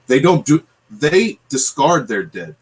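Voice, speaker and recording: A man's voice: mid-range voice, big pitch swings, slow, breathy edge, rough recording. A man in a casual podcast chat, ranting and swearing as he talks. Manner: ranting, profane. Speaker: guest, channel creator.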